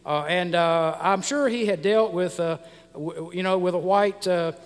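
A middle-aged man from the United States, preaching a sermon as pastor, who speaks haltingly, with many fillers and restarts. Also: high-pitched, clear, resonant tone. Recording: long reverb of a hall.

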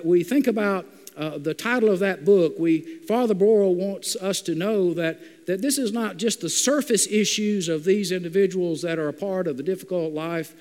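A high-pitched male pastor delivers a sermon in a halting way, leaning on filler "uh"s. His voice rings out with a long echo, as if in a large church sanctuary. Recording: long reverb of a large hall.

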